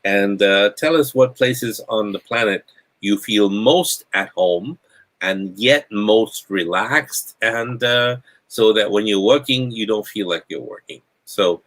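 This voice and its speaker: Low-voiced man hosting a casual chat. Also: slow, a bit bright, rough recording. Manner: hesitant, stammering restarts, laughs while telling stories. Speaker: host.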